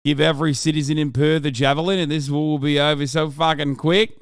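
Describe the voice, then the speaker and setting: Man, 30s, streamer, profane, ranting, smooth voice, dry sound. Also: on the high side, little pitch movement, brisk, dry recording. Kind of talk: casual livestream commentary.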